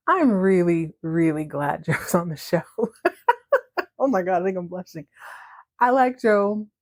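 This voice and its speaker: A woman hosting a podcast, recapping a story in a chatty, animated way and laughing often. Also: fairly low pitch, unhurried, pauses often. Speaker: podcast host.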